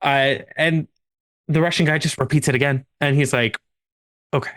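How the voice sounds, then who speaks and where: A man's voice: a little high, steady tone, moderate pace, a bit bright. A man co-hosting a podcast, telling a long anecdote casually among friends, full of restarts and laughter. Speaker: podcast co-host.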